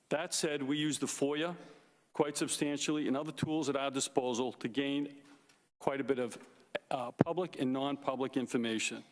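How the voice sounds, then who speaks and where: A man testifying at a congressional hearing, reading a formal, deliberate statement and stressing each point. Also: mid-range voice. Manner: emphatic, deliberate, repeats key points. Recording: hearing room with long reverb.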